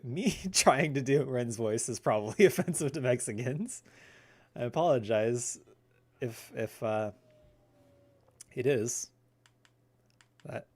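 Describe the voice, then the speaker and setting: Animated young man chatting while gaming. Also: medium pitch. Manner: laughing, rambling, animated. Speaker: streamer. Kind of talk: casual live gameplay chat.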